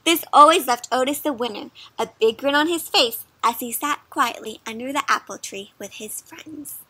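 A woman with a high, bright voice reads a storybook aloud for young kids. She speaks gently and stops to ask the listener questions. The sound is close and dry. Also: normal speed, breathy edge, no room sound. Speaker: children's storybook reader. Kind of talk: interactive read-aloud for kids.

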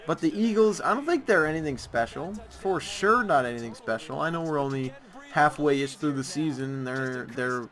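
A man's voice: on the high side, animated, normal speed, a bit bright. Sarcastic ranting young man. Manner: sarcastic, ranting, exaggerated emphasis. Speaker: YouTuber making predictions. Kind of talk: casual commentary over gameplay.

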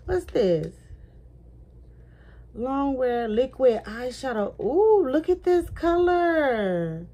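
A woman's voice: high-pitched, expressive, drawn-out words, warm tone. A middle-aged woman, chatting effusively in a casual haul video and thanking her viewers. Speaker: vlogger.

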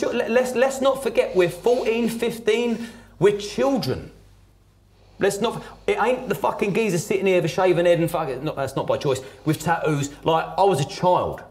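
A man's voice: on the high side, a little mellow. A man telling his personal story as a podcast guest, blunt and emphatic, swearing heavily.

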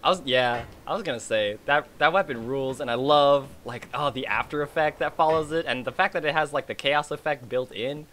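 A man giving excitable, chatty commentary while streaming a game. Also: mid-range voice, brisk, few pauses, slight background noise. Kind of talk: casual gameplay commentary.

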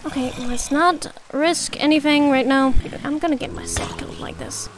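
A woman's voice: high voice, huge pitch swings, normal speed, noisy background. A young woman giving casual gameplay commentary, muttering to herself, swearing and getting exasperated. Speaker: gaming YouTuber. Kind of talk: casual let's-play commentary.

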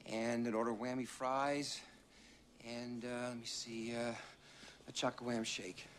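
A man's voice: medium pitch, level tone, unhurried, fairly bright tone, a little hiss or hum, close to an everyday voice. An actor playing a tense middle-aged man who is coldly courteous and clipped, close to snapping. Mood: icily polite. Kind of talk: film drama dialogue.

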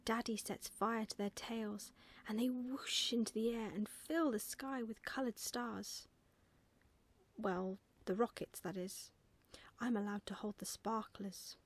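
A woman voicing an eager, chatty little boy in a breathy whispered role-play for a storybook. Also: a little high, steady tone, measured pace.

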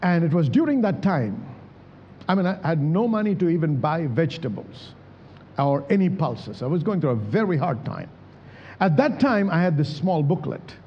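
A man's voice: on the high side, big pitch swings, normal speed, long reverb tail, muffled recording, slight background noise. A male pastor preaching a sermon, calling out to the congregation for responses and acting out prayers as he speaks. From India. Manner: preaching with emphatic calls to the church.

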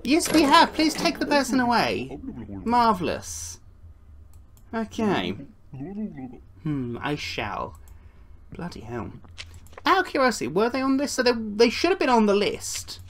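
A woman's voice: fairly high pitch, huge pitch swings, unhurried, long pauses. A woman giving playful gameplay commentary, chatting and slipping into put-on voices for the characters. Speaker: gaming YouTuber.

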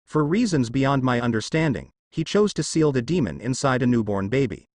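A man's voice: mid-range voice, lively intonation, brisk, darkish tone, no room sound, studio quality, close to an everyday voice. A man voicing a kind, earnest young male ninja teacher in his twenties in a fan story reading.

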